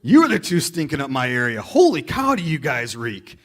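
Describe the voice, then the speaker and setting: A man voicing a blunt male waiter who exclaims loudly. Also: medium pitch, huge pitch swings, moderate pace, voice pushed up. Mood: exclaiming.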